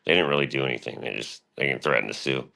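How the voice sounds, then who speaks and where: Super deep voiced guy ranting on his stream, cussing a lot, kinda bright edgy tone. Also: fast talker, creaky. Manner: profane, boastful, rambling. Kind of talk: rambling casual monologue.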